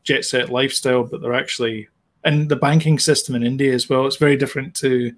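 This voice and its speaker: A man's voice: medium pitch, fairly even intonation, fast talker. A man, co-hosting a podcast in casual chat, rambling with plenty of fillers and restarts. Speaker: podcast co-host.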